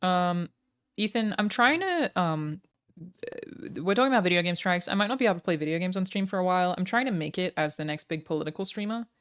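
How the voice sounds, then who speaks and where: A woman's voice: lowish voice, fast talker, smooth. An Australian woman livestreamer chatting casually with her viewers, joking and self-deprecating.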